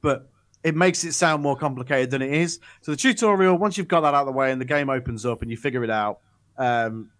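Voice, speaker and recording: He's a co-host on a gaming podcast, speaking briskly in a mid-range, slightly bright voice. The chat is casual and meandering, with frequent ums and restarts.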